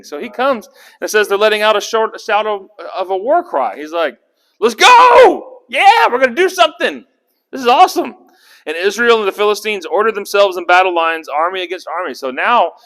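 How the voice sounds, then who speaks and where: A man leading a casual Bible study, talking through the passage and asking his group questions. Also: high voice. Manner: animated, acts out characters' lines; conversational, asks the group questions.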